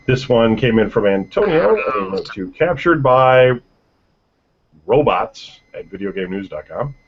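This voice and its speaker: A man's voice: mid-range voice, expressive, a little slow, slight background noise. A man hosting a podcast in casual chat, loose and rambling as he reads out listener emails. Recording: dull lo-fi podcast audio.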